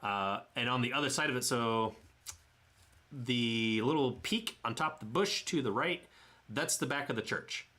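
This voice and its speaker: A young man with a Tennessee drawl talks over his travel photos in a loose, meandering voice-over. His tone is bright and forward, and he keeps stumbling over words, fixing them, and chuckling at himself. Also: mid-range voice, animated, moderate pace. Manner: rambling, self-correcting, chuckling. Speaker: travel vlogger. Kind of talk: casual voice-over narration of trip photos.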